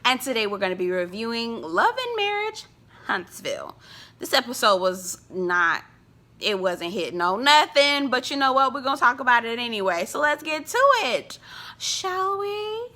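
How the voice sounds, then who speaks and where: A woman talks to camera in a sassy, gossipy reality-TV recap. Her voice sits high and bright, and her pitch swoops around a great deal. She laughs often and teases the people she describes. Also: very animated, moderate pace. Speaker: TV reviewer. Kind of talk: casual reality-show recap.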